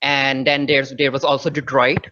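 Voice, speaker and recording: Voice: medium pitch, level tone, moderate pace, sharp tone. An interviewer asking questions in a chatty, informal way and building up to its news. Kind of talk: casual interview. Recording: dull, lo-fi sound.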